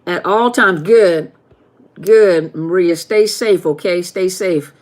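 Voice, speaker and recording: A woman's voice: lowish voice, takes it slowly. A woman hosting a live question-and-answer stream, chatting casually and greeting viewers one by one by name.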